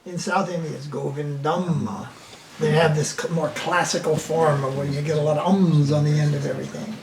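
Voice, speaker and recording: A man's voice: on the high side, fairly even intonation, fast, gravelly. An older man talking in a casual, joking way with many fillers and restarts, giving an informal spiritual talk. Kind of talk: casual discussion. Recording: echoey room, mic a bit far, faint noise.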